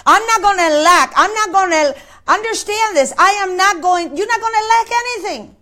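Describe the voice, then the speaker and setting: A woman's voice: very high-pitched, lively intonation, moderate pace, pushed and bright. A woman preaching a sermon, impassioned, with many repetitions and quoted scripture. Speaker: pastor.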